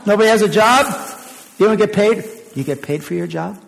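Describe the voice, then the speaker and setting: An older pastor gives a children's sermon in an echoey church sanctuary, chatting, asking the kids questions and chuckling often. His voice is high and brisk, with vocal fry.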